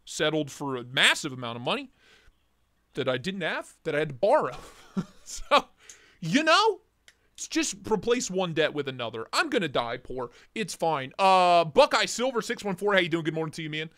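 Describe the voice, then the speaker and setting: A man's voice: a little high, very animated, normal speed, fairly bright tone. A man hosting a casual morning livestream. He greets viewers by name, jokes and rambles. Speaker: livestream host.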